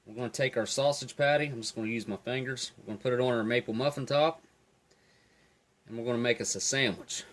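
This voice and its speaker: Man, mid-pitch voice, easygoing food reviewer tasting and describing flavors with enthusiasm. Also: quick pace. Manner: relaxed, enthusiastic tasting commentary.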